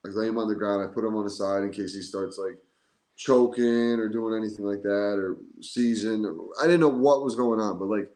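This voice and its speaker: Low-voiced man telling a story, echoey room. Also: fairly quick. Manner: animated storytelling, heavy use of "like". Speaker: podcast co-host. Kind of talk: casual chat.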